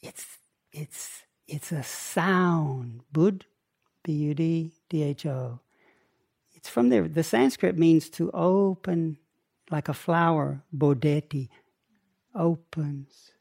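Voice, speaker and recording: An older man guiding a meditation retreat talk, speaking gently in short phrases with long pauses. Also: fairly high pitch, vocal fry. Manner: slow, gentle, pausing between short phrases. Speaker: meditation teacher.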